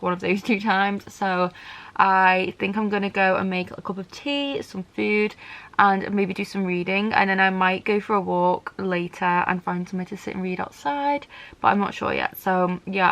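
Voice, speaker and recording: A woman's voice: mid-range voice, gravelly, fairly bright tone. A woman book vlogger chatting casually to camera, rambling a little and often saying "like". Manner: chatty, rambling, frequent "like" fillers. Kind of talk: casual vlog chat to camera. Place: indoors at a bookstore on a break.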